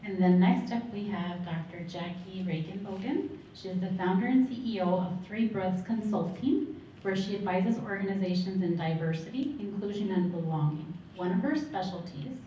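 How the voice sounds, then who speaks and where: A woman moderator reading a speaker introduction, polite and measured. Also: mid-range voice, mellow, slight background noise. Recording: muffled, echoey hall, from a distance.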